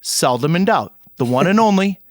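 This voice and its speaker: An American man hosting a soccer podcast, joking and teasing in an energetic, casual way. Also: high-pitched, moderate pace, no room sound. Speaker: podcast host. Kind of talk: casual chat.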